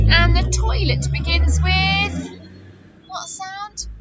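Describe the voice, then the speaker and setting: A woman's voice: extremely high pitch, wildly swooping pitch, slow pace, highs cut off, heavy background noise. A middle-aged woman teaching a phonics lesson to young children, coaxing them with sing-song questions and repeated rhymes.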